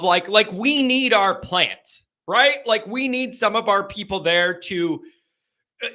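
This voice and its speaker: A man's voice: sits high, bright, forceful tone. A man hosting a live fan call-in stream, chatting casually, joking and rambling as he greets viewers by name.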